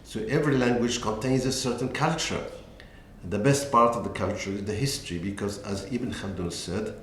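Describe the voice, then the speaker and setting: A man presenting a book as a language teacher, talking deliberately and pausing often on "uh" between points. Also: fairly low pitch, slight background noise. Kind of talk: slow lecture-style walkthrough. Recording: echoey room with faint ambience.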